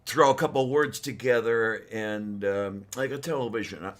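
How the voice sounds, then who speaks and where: A man's voice: lowish voice, moderate pace. A man co-hosting a casual chat, rambling and hesitant, with many ums. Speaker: podcast co-host.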